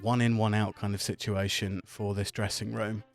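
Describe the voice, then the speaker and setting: A man's voice: lowish voice, little pitch movement, normal speed, vocal fry, soft background music. A man narrating a tabletop game as game master, loose and descriptive.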